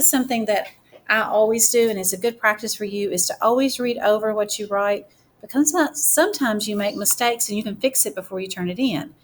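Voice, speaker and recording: Woman teacher, calm mid-pitched voice, slow deliberate dictation, encouraging tone, faint hiss behind. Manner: encouraging, explains step by step. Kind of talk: recorded writing mini-lesson.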